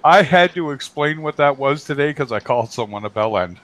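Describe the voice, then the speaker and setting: A man's voice: on the high side, animated, fairly quick, fairly bright tone. A man hosting a live stream who chats casually, jokes and swears freely on a home computer mic. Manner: loose, jokey, swears freely. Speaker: stream host. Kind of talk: casual chat.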